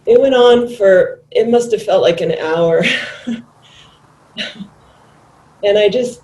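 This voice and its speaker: A woman speaking at an online memorial over a video call, telling a story in a halting way. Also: mid-range voice, mellow. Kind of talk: casual remembrance. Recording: echoey room with faint noise.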